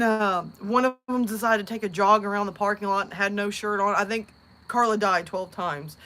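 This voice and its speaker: A woman hosting her channel, telling a story in a casual, animated way, laughing often and acting out other people in squeaky voices. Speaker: channel host.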